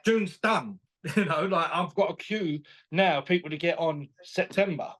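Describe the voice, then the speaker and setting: A man, a boxing promoter chatting as a guest in an interview, animated and quick to laugh. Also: on the high side. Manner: animated, enthusiastic, laughs often, retells dialogue. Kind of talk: casual interview chat.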